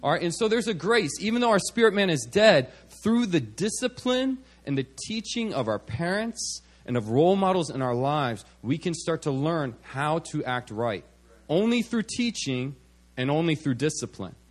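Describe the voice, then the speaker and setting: A man with a somewhat high voice delivers a church sermon. He talks in an easy, conversational way and keeps checking in with the congregation through little "okay"s and "all right"s. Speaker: preacher. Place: church service.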